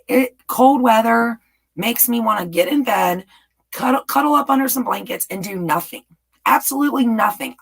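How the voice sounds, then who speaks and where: Woman, livestream host, rambling casual chat, husky voice. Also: medium pitch, a bit bright, rough recording. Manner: rambling, chatty, reads viewer comments aloud. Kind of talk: casual live chat with viewers.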